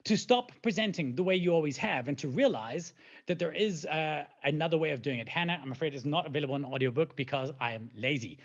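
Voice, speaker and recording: A man in his forties giving an energetic webinar talk, animated and playful, with rhetorical questions and sound effects. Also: on the high side, fast, highs cut off. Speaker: presenter.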